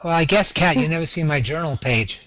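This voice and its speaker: An older man with a Brooklyn accent, an educator chatting casually on a panel, quick to laugh and self-deprecating. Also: a little high, fairly bright tone, a little hiss or hum. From New York. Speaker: educator and resource-page curator.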